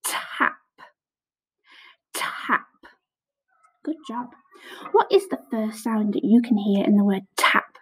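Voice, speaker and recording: A woman teaching a phonics lesson to young children on camera, sounding out letters slowly with lots of praise. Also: medium pitch, animated, breathy edge, rough recording. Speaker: primary school teacher.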